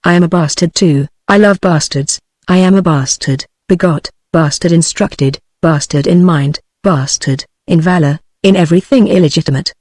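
A text-to-speech British woman voicing a scurrilous, foul-mouthed male Greek soldier in a flat, even tone. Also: lowish voice, normal speed, few pauses, no room sound, studio quality, lightly acted. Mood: scornful. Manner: flat synthetic delivery of coarse lines.

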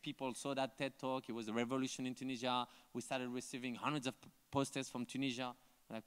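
A man with a French accent tells stories to a live audience in an animated, lively way, often laughing and slipping into other people's voices. His voice sits at a middle pitch. A long hall reverb fills out the sound of the large room. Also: fast, smooth. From France. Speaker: invited artist on a panel. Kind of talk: live onstage storytelling. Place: large museum auditorium before an audience.

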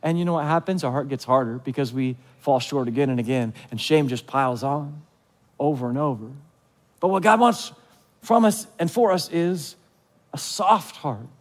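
A man preaching to a church congregation in a loose, conversational way, often turning questions back on his listeners. His voice sits fairly high for a man. A long reverb trails after his words, as in a large church hall. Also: moderate pace. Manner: conversational, asks the audience questions; acts out quoted voices of listeners. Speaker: pastor. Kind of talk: sermon.

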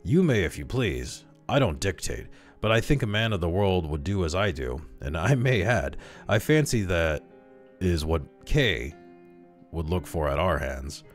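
A man's voice: deep voice, expressive, unhurried, faint music behind. A man voicing a cynical young male doctor who talks coolly and persuasively in a worldly, dismissive way. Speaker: audiobook reader.

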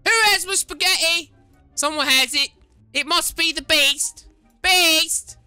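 A woman with a high, very bright voice cracks crude, over-the-top jokes during a group game. Faint game music runs behind her. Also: slow, no echo. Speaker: gaming co-player. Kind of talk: playful gameplay banter.

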